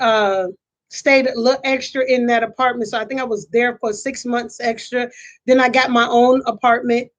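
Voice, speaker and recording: Woman, middle-aged, high voice, casual chat host, animated storyteller, laughs a lot, repeats phrases. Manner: animated storytelling, laughs often, acts out quotes; chatty, repeats and restarts phrases.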